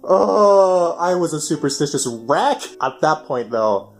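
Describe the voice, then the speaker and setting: A young man telling a personal story in an animated way, swinging from loud excitement to near whispers. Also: on the high side, takes it slowly, soft background music.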